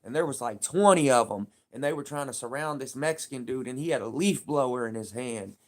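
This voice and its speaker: A man's voice: mid-range voice, a little fast. A man live streaming, talking in a casual, heated and profane rambling rant.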